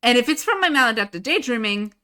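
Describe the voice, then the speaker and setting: A woman's voice: a little high, expressive, fast talker, sharp tone. A young woman livestreaming, chatting casually with her viewers in a rambling way, laughing often and swearing freely.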